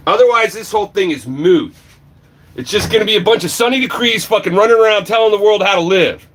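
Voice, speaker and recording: A man ranting on a livestream, swearing a lot and swinging between shouting and low muttering. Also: quick pace. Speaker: livestream vlogger. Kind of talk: angry profane rant.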